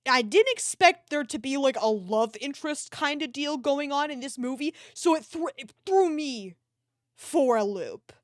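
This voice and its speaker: A woman's voice: sits high, animated, unhurried, no echo, clean studio sound. A woman chatting casually on a livestream, rambling and swearing freely while she retells a film. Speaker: art streamer. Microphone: desk microphone.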